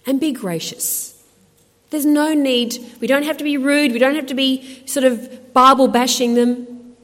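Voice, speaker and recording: A woman with an Australian accent gives a conversational, animated sermon with chatty asides, ending in prayer. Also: sits high, a little slow, in a large hall. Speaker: speaker at a women's ministry talk.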